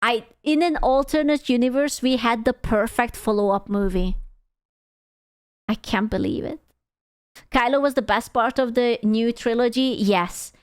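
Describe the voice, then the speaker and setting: A woman's voice: on the high side, measured pace, smooth, dry recording, studio quality. A woman streamer casually reacting to a video, rambling, stumbling over words and swearing freely.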